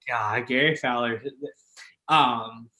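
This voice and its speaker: A man's voice: mid-range voice, steady tone, slow, bright, forceful tone. A man hosting a podcast in easygoing casual chat, giving short replies. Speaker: podcast host.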